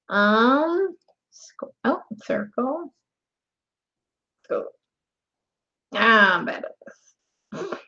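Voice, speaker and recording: A young woman chats with her live stream viewers, laughing often and speaking straight to her chat as her pitch swings widely up and down. She's animated but very slow, with long pauses and a slightly bright voice, and the audio sounds dull and lo-fi.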